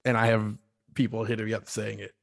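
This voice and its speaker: A man's voice: lowish voice, little pitch movement, brisk, gravelly, dry recording. A man hosting a gaming podcast in a laid-back, playful casual chat. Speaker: podcast host.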